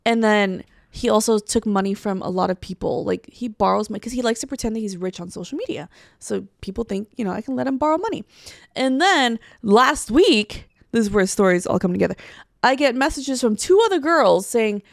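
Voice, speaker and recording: A young woman in her twenties, co-hosting a casual chat and telling a profane, animated story with acted-out quotes. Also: fairly high pitch, brisk, gravelly, no echo, clean studio sound. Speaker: co-host.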